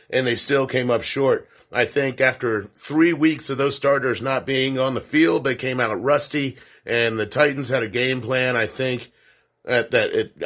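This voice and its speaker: A man's voice: medium pitch, fairly bright tone. A man co-hosting a sports show segment, giving casual commentary with folksy asides and self-corrections.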